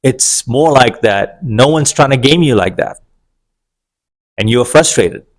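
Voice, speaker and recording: A man's voice: medium pitch, animated, measured pace. A middle-aged man giving an opinionated, sarcastic monologue about dating, wandering into digressions. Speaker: vlogger. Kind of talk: casual monologue to camera.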